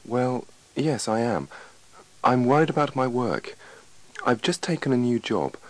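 A man's voice: mid-range voice, lively intonation, a little slow, dry recording, pitched above the performer's own voice, close to an everyday voice, poor audio. A man reading the part of an anxious, overworked patient in a scripted lesson dialogue, in a plaintive, pleading way. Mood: worried.

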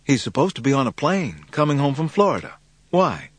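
A man reading the lines of a crime scene unit worker in an audiobook, casual and brisk. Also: mid-range voice, sing-song, slightly rough, no echo. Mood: curious.

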